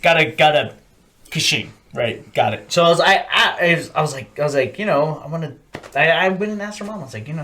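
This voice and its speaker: A man's voice: on the high side, moderate pace. A young man co-hosting a podcast, telling rambling, profane stories in casual chat. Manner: profane, rambling, animated storytelling. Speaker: podcast co-host.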